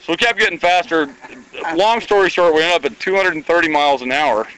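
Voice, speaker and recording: On a low-quality recording, a man from Iowa with a slightly high voice talks fast as a guest storyteller. In casual conversation he spins a long, folksy anecdote, animatedly acting out the quoted dialogue as he goes.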